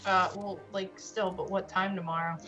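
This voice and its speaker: A woman's voice: lowish voice, flat delivery, normal speed, a bit bright, soft background music. A young woman chatting with friends on a stream, blunt and teasing. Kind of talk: casual chat among friends.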